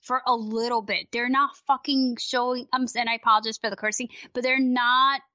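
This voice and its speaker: High bright ranting woman. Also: moderate pace, no echo, lo-fi sound. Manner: rambling, profane, animated ranting. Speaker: podcast guest. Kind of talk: casual podcast chat.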